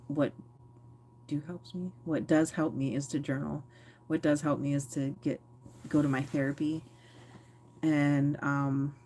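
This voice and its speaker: A woman's voice: deep voice, darkish tone, a little hiss or hum. A woman vlogger talking candidly to camera, reflective and rambling, with many fillers and self-corrections. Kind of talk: candid personal talk to camera.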